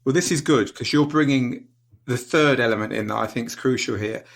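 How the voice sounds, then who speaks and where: A man's voice: medium pitch, fairly quick, creaky. A man hosting an interview, framing his questions thoughtfully while searching for words. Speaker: interview host. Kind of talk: casual interview.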